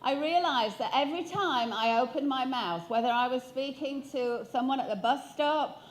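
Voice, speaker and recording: A woman's voice: high voice, moderate pace. A woman in her fifties with a Yorkshire accent, giving a motivational storytelling talk on stage, humorous and playful, asking the audience questions. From England. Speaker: keynote speaker.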